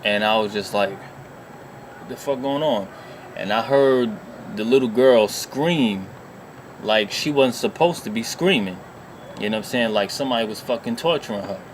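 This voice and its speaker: A man's voice: lowish voice, normal speed, slight background noise. A man telling a rambling, profane personal story in a casual vlog, leaning on filler phrases. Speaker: vlogger.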